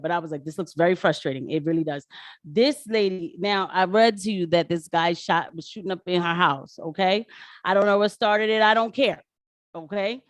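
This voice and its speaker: A woman's voice: mid-range voice, no room sound. Woman streamer giving slangy live commentary, dry close mic, voice in the middle range. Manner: animated, slangy, laughs often.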